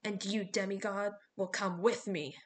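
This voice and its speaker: A woman's voice: medium pitch, steady tone, a little slow, lightly acted. A woman voicing a menacing male storm spirit who hisses gloating threats. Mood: gleeful.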